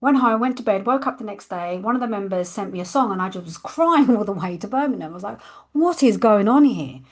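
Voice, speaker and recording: A woman's voice: medium pitch, lively intonation, fast talker. A woman, a coach candidly telling her personal story and acting out her past thoughts.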